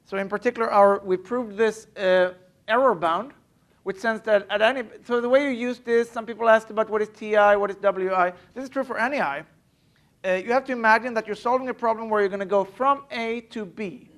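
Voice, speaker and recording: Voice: medium pitch, steady tone, fairly quick, fairly bright tone. A university math lecturer giving a live classroom lecture, talking casually with many fillers and restarts and stressing the key points. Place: lecture hall.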